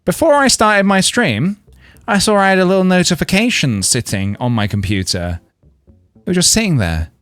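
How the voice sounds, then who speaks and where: A man's voice: sits high, very animated, normal speed, a bit bright, dry recording, soft background music. A man streaming a video game, chatting playfully and joking with his viewers. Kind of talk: casual gaming livestream chat.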